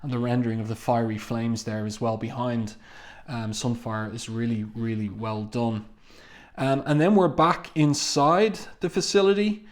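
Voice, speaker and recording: A man reviewing a comic book page by page in a casual, measured way, often pausing to find his words. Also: medium pitch.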